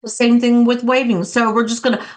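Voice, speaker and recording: A woman's voice: a little high, little pitch movement, fairly quick, darkish tone. A woman hosting a laughter yoga session, cheerfully coaxing listeners and breaking into bursts of laughter.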